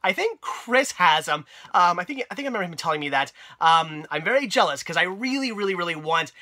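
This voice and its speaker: A man's voice: sits high, animated, a little fast, bright, forceful tone. A young man with a head cold, sounding congested, chatting upbeat about his finds, with lots of fillers and restarts. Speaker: video host and collector. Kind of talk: casual vlog narration.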